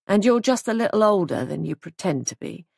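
A woman's voice: mid-range voice, lively intonation, brisk, creaky, darkish tone, dry recording, clean studio sound. A woman reading the lines of a young man posing as a police sergeant, smug and coolly menacing. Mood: cold.

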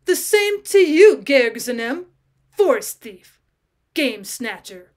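A woman's voice: sits high, lively intonation, normal speed, fairly bright tone. Ulrich, a fierce vengeful nobleman, read by a woman. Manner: fierce and raised. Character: fierce trapped nobleman, grim and vengeful man.

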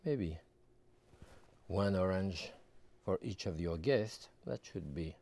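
A man working as a TV chef, walking through a cooking demonstration step by step and adding relaxed asides as he goes. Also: sits low, slow. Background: background music.

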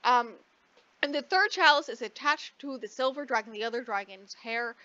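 High bright-voiced woman rambling through a recap. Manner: rambling, swearing, acts out characters in quick asides. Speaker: podcast co-host. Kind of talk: casual book recap. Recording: dull lo-fi dry recording.

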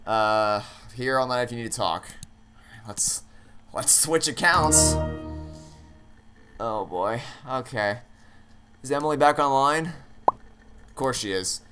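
A man's voice: mid-range voice, animated, slow pace, long pauses, music in the background. A man playing through a story game, thinking aloud with hesitant, stammering restarts and casual swearing. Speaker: let's play gamer.

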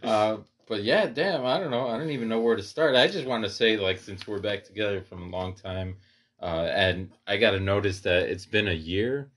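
A man co-hosting a casual podcast, easygoing and quick to laugh. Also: on the low side, a bit bright. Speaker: podcast co-host. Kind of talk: casual chat.

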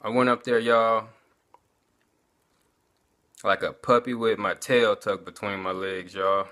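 Bright-voiced man giving a casual testimony. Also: fairly low pitch, little pitch movement, slow. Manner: conversational, keeps addressing listeners as y'all.

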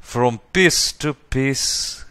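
A man's voice: medium pitch, bright, forceful tone, smooth, voice pushed up. A man voicing a pompous older nobleman with a put-on German accent that drifts toward Russian, drawing out each word. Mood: solemn. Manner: drawn-out, relishing each word.

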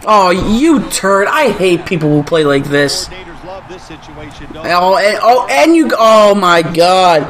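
A man gives live commentary over a football video game match he is playing. His voice sits high, and he talks at an unhurried pace. He gets excitable, groaning, swearing and shouting at the plays. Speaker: gaming YouTuber.

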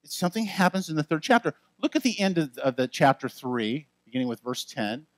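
A male pastor preaching a sermon in a lively, conversational way with frequent asides to the congregation. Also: on the high side, fairly quick, dry recording. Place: church.

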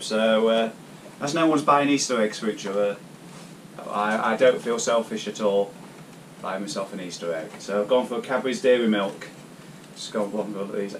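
A man's voice: on the low side, a bit bright. A man from the UK talking casually through his shopping haul in a cycling vlog, rambling with many hesitations. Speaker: cycling vlogger. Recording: distant mic, faint background noise.

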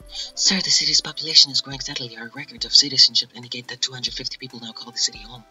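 A man voicing a fast-talking female royal advisor in a game, in a breathy half-whisper. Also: extremely low pitch, steady tone, bright, forceful tone, soft background music, full character voice, low-quality recording. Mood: brisk.

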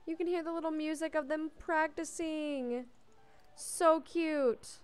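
A woman's voice: sits high, steady tone, normal speed, darkish tone, soft background music. A young adult woman giving casual, chatty commentary on her life-sim game as a let's play host. She reads the game's text aloud and gushes over cute moments.

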